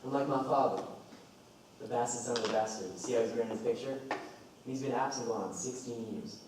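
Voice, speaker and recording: An actor plays a restless, bitter young man who pours out impassioned speeches at a quick clip. He is heard from far back in a very echoey theater with faint hiss. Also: medium pitch, close to an everyday voice. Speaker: stage actor. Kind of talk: live stage play acting. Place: college theater stage.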